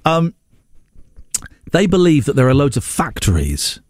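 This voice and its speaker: Animated man hosting a radio show. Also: fairly high pitch, measured pace, no echo, studio quality. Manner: playful, mock-indignant, animated. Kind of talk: casual radio banter. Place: radio studio. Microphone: studio microphone.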